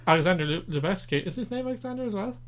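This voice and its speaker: A man's voice: high voice, expressive, rapid-fire, a bit bright. A man co-hosting a casual podcast, rambling and gushing with lots of fillers. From Ireland. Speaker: podcast co-host.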